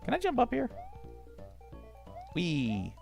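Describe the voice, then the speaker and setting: A man's voice: high voice, huge pitch swings, takes it slowly, vocal fry, a little mellow, faint music behind. A man streaming a game, chatting casually and swearing often as he reads chat aloud and rambles. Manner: profane, rambling, talks to chat.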